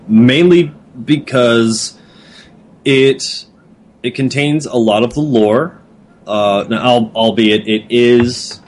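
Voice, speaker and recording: A man on a gaming podcast panel, giving a measured, thoughtful answer. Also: mid-range voice. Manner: measured, thinks aloud.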